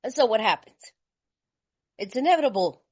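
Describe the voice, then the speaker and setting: A woman from California shares her recovery story with a slightly high voice, laughing often and talking in a loose, colloquial way. The sound is a bit muffled and lo-fi. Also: expressive, normal speed. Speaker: recovery meeting speaker.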